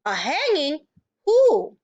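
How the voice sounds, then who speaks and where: A woman's voice: high voice, animated, normal speed, a bit bright, highs cut off, voice pushed up. A woman reading aloud, voicing a frantic, defiant young schoolteacher who pleads urgently and breathlessly.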